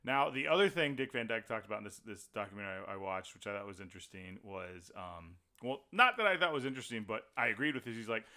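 A man's voice: lowish voice, fast talker, hardly any pauses, pushed and bright. A man co-hosting a casual podcast, chatting loosely and jokingly about a film. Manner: loose, joking delivery with quoted asides. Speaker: podcast co-host. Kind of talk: casual film-trivia chat.

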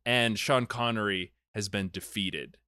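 A man's voice: lowish voice, a little slow, bright, forceful tone, no echo, clean studio sound. A man hosting a podcast, casually recapping a film in a rambling way, swearing and acting out the characters' lines.

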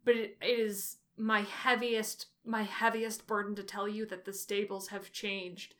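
A woman co-hosting a casual podcast chat, talking in an animated way that often corrects itself mid-sentence. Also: medium pitch, unhurried. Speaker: podcast co-host.

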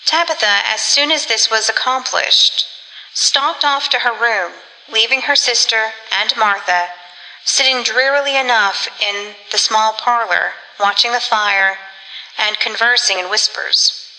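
A woman reading a gothic story aloud as a narrator in measured storytelling. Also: on the high side, sharp tone. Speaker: audiobook narrator. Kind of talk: scripted narration. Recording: long reverb.

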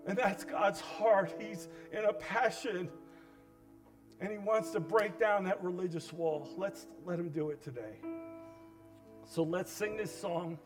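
Impassioned high-voiced preacher man. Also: steady tone, unhurried, music in the background. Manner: impassioned altar call, swinging from hushed to loud cries. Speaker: pastor. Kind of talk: sermon.

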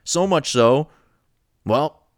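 Male host, profane sarcastic political rant, smooth clear voice, dry close sound. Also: on the high side, lively intonation, extremely slow, no echo.

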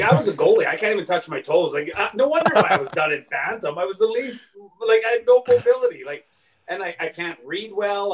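Animated rambling man, set back from the mic. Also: on the high side, distant mic, low-quality recording. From Saskatchewan, Canada. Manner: animated, rambling, swears, acts out voices. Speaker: stand-up comedian guest. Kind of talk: casual podcast storytelling.

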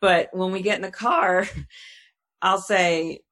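A woman's voice: lowish voice, slow, fairly bright tone. Candid chatty woman host. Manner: candid, chatty, self-disclosing. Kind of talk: podcast discussion.

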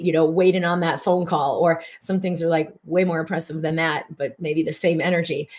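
A middle-aged woman hosting a live broadcast, giving a spiritual coaching talk with animated, breathy exclamations. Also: on the low side, fairly quick.

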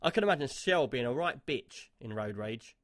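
A man hosting a podcast, retelling an argument in a lively, animated way. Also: mid-range voice, moderate pace, no echo. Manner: animated storyteller, retells quarrels loudly. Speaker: podcast host. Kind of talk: casual chat.

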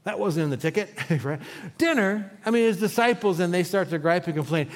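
Male pastor, chatty sermon delivery, slightly higher voice, hall reverb. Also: animated, brisk. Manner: conversational, asks the congregation questions.

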